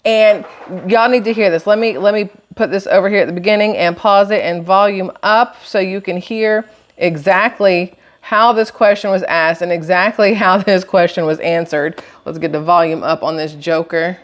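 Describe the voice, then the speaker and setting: A woman's voice: lowish voice, steady tone, normal speed. Emphatic woman host of a commentary vlog. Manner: emphatic, repeats words for stress. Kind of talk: casual political commentary.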